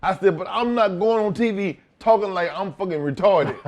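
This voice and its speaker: A middle-aged man telling wrestling stories as an interview guest, blunt and full of swearing, acting out both sides of old conversations. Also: high voice. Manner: blunt, swears often, acts out both sides of quoted talk. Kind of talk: profane shoot-interview storytelling.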